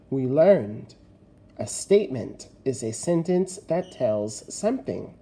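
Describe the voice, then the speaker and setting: Slow, lively-toned male teacher. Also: mid-range voice, breathy edge. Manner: slow, deliberate, stressing key words. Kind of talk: recorded remote grammar lesson.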